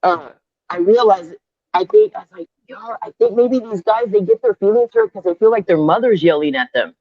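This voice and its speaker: A woman in her fifties, a construction superintendent, telling animated stories in casual chat and dropping in Spanish phrases, on earbuds over a remote call. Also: medium pitch, brisk, lo-fi sound.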